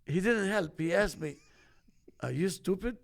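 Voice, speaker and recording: A middle-aged man from Egypt, hosting a casual chat and telling animated stories. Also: sits high, measured pace, creaky. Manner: animated storyteller, acts out quoted voices. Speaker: host.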